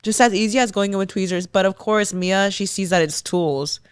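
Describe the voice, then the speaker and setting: Young female podcast co-host, animated storyteller, dry studio mic. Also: mid-range voice, moderate pace, smooth, no echo. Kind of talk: casual chat.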